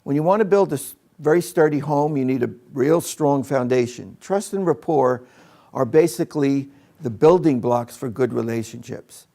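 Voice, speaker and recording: Gravelly-voiced man leading a teacher workshop. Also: mid-range voice, moderate pace, mellow. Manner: chatty, demonstrating with a volunteer. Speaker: teacher trainer. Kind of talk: live workshop demonstration. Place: training room with a small audience.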